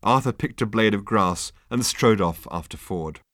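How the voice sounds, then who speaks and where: A male audiobook narrator with a lowish voice and a wry, measured delivery. The recording is dry and close, with no room sound. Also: expressive, a bit bright, dry recording. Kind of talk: scripted narration.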